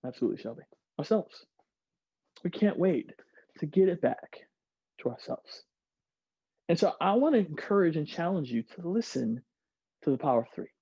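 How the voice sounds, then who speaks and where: High-voiced man leading a video call workshop. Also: a little fast, slightly rough, no echo, dull audio. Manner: energetic, reads out audience replies, frequent laughs. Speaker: workshop speaker. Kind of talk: interactive online workshop talk.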